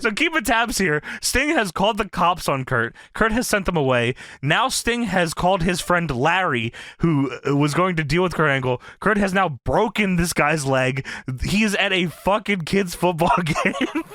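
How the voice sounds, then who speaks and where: A man co-hosts a casual podcast, retelling clips with a high, swooping, bright voice. He laughs easily and swears through his stories, and the mic sounds close and dry. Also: dry recording. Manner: animated storyteller, laughs often, swears, does quick impressions. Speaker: podcast co-host. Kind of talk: casual laughing recap chat.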